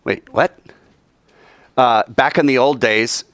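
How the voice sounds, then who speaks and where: A man teaching a classroom lecture, joking with his students in quick asides and acting out quoted arguments in a raised voice. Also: mid-range voice, a bit bright, smooth, no echo.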